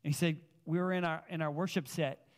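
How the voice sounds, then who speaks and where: Animated storytelling pastor, man. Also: on the high side, brisk. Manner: animated storytelling, casual filler words. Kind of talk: sermon with personal stories.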